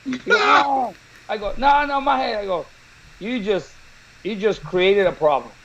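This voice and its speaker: A man co-hosting a talk show, telling funny stories in a lively, laughing way. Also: sits high, moderate pace, dull audio, very noisy. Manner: animated, laughing storyteller. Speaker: show co-host. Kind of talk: casual storytelling chat.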